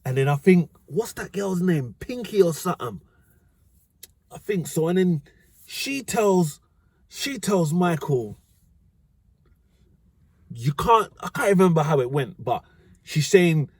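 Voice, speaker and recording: A man's voice: on the high side, big pitch swings, slow pace, pauses often, a little mellow, breathy edge, no echo. Slangy man, dry close sound. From United Kingdom. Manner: rambling, slangy, often corrects himself. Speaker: dating advice vlogger. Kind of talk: casual storytelling monologue.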